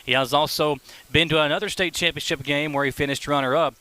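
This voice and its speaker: A man hosting a live high school football pregame show, with an energetic, brisk announcer delivery. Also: smooth. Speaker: play-by-play broadcaster. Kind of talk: pregame sports broadcast.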